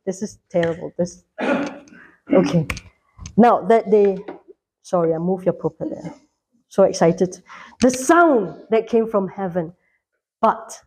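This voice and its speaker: A woman's voice: medium pitch, darkish tone, husky. A woman preaching a sermon in a church, fervent, repeating lines for emphasis.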